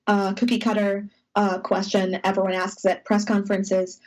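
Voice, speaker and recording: A woman on a video call tells a personal story with quick, animated energy. She slips into her own nervous inner voice and sounds on the edge of tears at times. The tone is casual and chatty. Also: medium pitch, rough recording. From United States. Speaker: podcast cohost.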